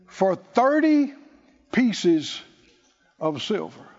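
A man's voice: high-pitched, very animated, extremely slow. A man preaching a sermon as pastor, with emphatic delivery that repeats key phrases for his congregation. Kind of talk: sermon with call-and-response. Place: church sanctuary. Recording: dull lo-fi recording with long hall reverb.

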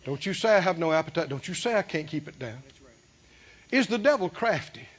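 A man preaching a sermon, fervent and rising to emphatic shouts. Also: fairly high pitch, expressive, brisk, husky. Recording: dull lo-fi sermon recording.

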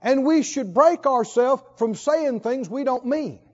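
A man preaching a sermon emphatically, swinging between loud declarations and hushed lines. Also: very high voice, expressive, measured pace, highs cut off. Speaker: pastor.

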